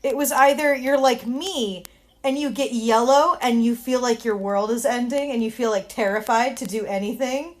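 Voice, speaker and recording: A woman's voice: fairly high pitch, normal speed. A young woman chatting casually, joking and swearing freely. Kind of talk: casual chat.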